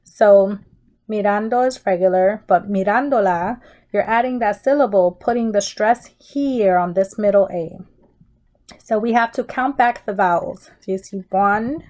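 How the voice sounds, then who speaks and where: A woman teacher talks slowly and patiently through a recorded grammar tutorial. She lays out each step and keeps checking in with her students. Her pitch sits in a middle range. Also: a little mellow. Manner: patient, explains step by step with frequent "okay?" checks. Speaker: Spanish teacher.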